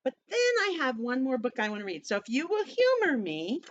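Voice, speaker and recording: A woman preschool teacher leading online circle time at home, talking to young children in an animated, sing-song way. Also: high-pitched, fairly quick, highs cut off.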